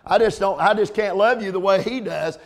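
A middle-aged male pastor preaching a sermon, repeating words, dropping in "amen" often, and slowing down to stress points before rising to loud peaks. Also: sits high.

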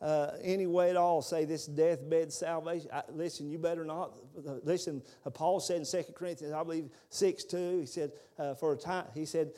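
A man's voice: on the high side, fairly even intonation, normal speed, few pauses, warm tone. A man, preaching a sermon as a fervent storyteller. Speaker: pastor.

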